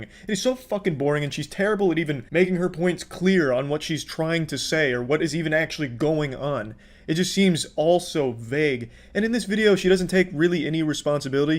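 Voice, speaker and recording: A man in his thirties hosting a commentary video, ranting in an exasperated, profane way. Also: a little high. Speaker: commentary host. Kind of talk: reaction commentary.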